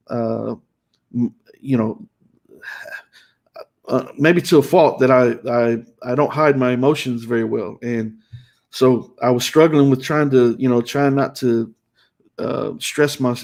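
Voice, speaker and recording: A man's voice: mid-range voice, a little mellow. A man hosting a live show, telling a painful personal story emotionally, with many restarts and repetitions. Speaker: host.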